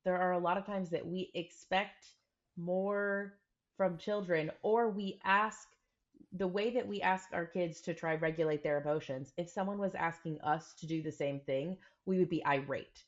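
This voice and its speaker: A woman co-hosts a casual podcast and talks in an earnest, thoughtful way. Her voice sits somewhat low. The recording sounds dull and lo-fi. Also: normal speed. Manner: earnest, talks things through with quoted examples. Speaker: podcast co-host.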